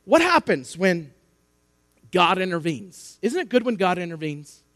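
A man preaching a sermon, building to impassioned, shouted emphasis with repeated rhetorical questions. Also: high voice, big pitch swings, unhurried.

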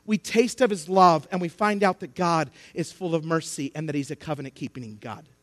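A man preaching a sermon, building to impassioned, shouted emphasis with repeated rhetorical questions. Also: a little high, a little fast.

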